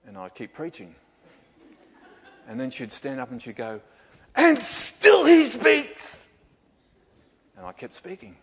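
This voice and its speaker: An older man preaching a sermon as pastor, animated and full of rhetorical questions. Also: medium pitch, moderate pace, pauses often. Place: church hall. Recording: dull sound with long hall reverb.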